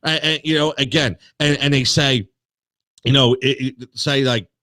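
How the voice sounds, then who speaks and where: A man's voice: medium pitch, fairly even intonation, a little slow, bright, forceful tone, no room sound. A man hosting a sports talk show, ranting in a heated, worked-up way with many restarts and repeated words.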